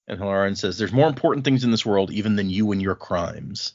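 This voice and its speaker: A man co-hosting a podcast, casually recapping book chapters and paraphrasing the characters' lines in an animated way. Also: on the low side, brisk, muffled recording. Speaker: podcast co-host.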